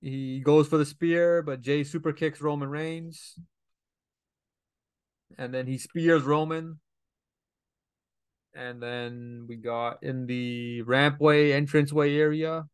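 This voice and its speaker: A man with a fairly high, smooth voice recaps a show in a loose, chatty way, paraphrasing what each person said and filling gaps with "uh". The sound is dry and close, with no room around it. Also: steady tone, slow, long pauses, no room sound. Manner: retells scenes by paraphrasing quotes, with fillers. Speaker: wrestling show reviewer. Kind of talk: casual recap.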